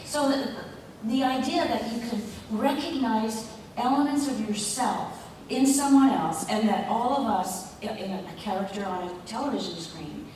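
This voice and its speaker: A woman voice actor speaking on a convention panel, reflective and halting, with pauses and fillers. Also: on the high side, darkish tone, slight background noise. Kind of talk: panel talk. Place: large convention hall. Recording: echoey hall, mic far off.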